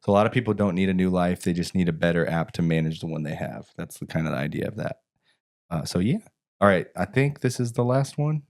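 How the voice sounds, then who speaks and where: A man, co-hosting a casual podcast and telling animated stories. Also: low voice, fairly quick, gravelly. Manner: animated storyteller, mimics voices in anecdotes. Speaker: podcast co-host. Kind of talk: casual chat.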